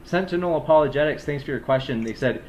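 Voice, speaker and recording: A man's voice: a little high, a little hiss or hum. Easygoing male live-stream moderator. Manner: easygoing, filler-heavy, hurried to move on. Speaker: debate moderator and channel host. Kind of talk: live-stream moderating, reading viewer donations.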